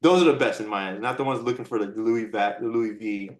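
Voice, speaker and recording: A man's voice: fairly low pitch, fast talker. A man in casual chat, easygoing and agreeable, giving upbeat life advice. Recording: echoey room sound.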